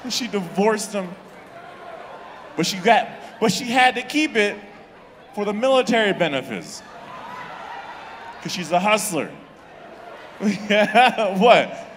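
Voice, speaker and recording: Crude, animated young stand-up comedian. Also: male voice, high-pitched, slow pace, long pauses, a faint crowd, a little hiss or hum. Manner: crude, animated, laughs at his own jokes. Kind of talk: stand-up set. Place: comedy club stage. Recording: reverberant club from the room.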